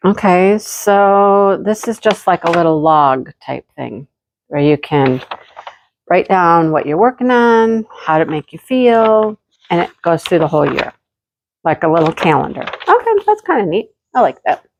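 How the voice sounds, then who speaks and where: A woman's voice: fairly low pitch, expressive, a little slow, a little hiss or hum. A woman chatting casually to her viewers as she unboxes and shows yarn deliveries for her craft channel. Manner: chatty, talks directly to viewers.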